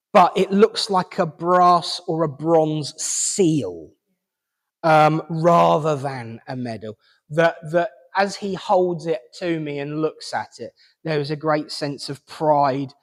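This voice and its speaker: A man, a reverend and medium, giving a chatty, halting mediumship reading at a service. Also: fairly high pitch, long reverb tail. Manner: chatty, hesitant, relaying messages with fillers and restarts.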